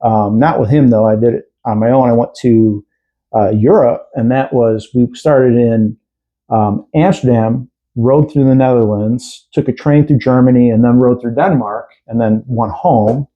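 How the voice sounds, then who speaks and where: A man's voice: mid-range voice, a little slow, muffled recording. A middle-aged man from Chicago with a Chicago accent, a podcast guest telling rambling childhood stories with many fillers. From Chicago area. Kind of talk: casual interview storytelling.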